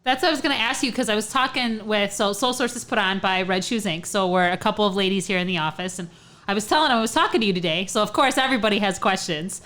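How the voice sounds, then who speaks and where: A woman's voice: mid-range voice, fast, fairly bright tone. A woman hosting an interview, asking follow-up questions in an encouraging way. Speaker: podcast host. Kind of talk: interview chat.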